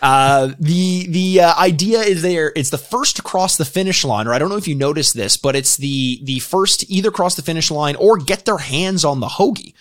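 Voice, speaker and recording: A man's voice: on the high side, animated, fairly quick, few pauses, fairly bright tone. A Canadian man co-hosting a podcast, chatting casually with lots of restarts, laughs and swearing. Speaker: podcast co-host. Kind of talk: casual podcast chat reviewing a show.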